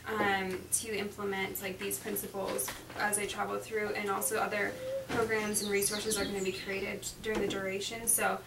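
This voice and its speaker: A woman's voice: mid-range voice, level tone, moderate pace. A woman guest in a casual interview, earnest and laughing often, with many fillers. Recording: echoey, distant, loud noise.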